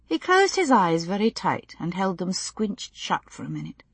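Husky-voiced woman narrating a novel. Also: mid-range voice, sing-song, moderate pace, few pauses, no room sound. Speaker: audiobook narrator. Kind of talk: scripted narration.

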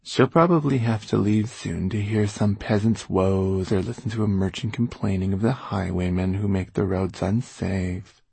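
A man's voice: fairly low pitch, normal speed, creaky, darkish tone, husky, no room sound. A man voicing a haughty, bored male court illuminator who speaks with a slight lisp and a disdainful drawl.

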